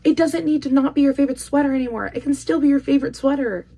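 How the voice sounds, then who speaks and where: A woman's voice: high-pitched, quick pace, dark tone. A young woman talking casually to camera in a vlog, chatty and opinionated with emphatic bursts. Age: young adult. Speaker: vlogger.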